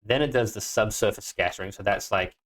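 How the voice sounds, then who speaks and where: A man doing a Scottish accent while live-streaming his game coding, muttering to himself, swearing and breaking into sudden excited outbursts. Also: on the low side, fairly quick. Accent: Scottish (put on).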